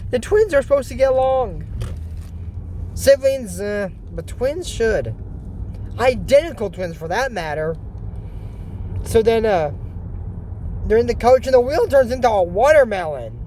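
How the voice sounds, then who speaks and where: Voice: medium pitch, sing-song, a little slow, pauses often, mellow, slight background noise. Rambling, chatty cartoon reviewer. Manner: rambling, filler-heavy, chatty and opinionated. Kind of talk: casual reaction commentary.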